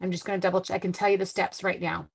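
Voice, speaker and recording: A woman's voice: lowish voice, little pitch movement, racing, vocal fry, low-quality recording. A middle-aged woman leading a live-streamed card-making demo, chatting casually and poking fun at herself as she works. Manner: chatty, self-deprecating, talks while working.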